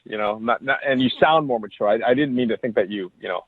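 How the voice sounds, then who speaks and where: A man's voice: medium pitch, quick pace, heavy background noise. A man in his forties calling in to a radio show, awkward and stammering. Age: 40s. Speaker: caller. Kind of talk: phone call on radio. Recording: tinny phone line.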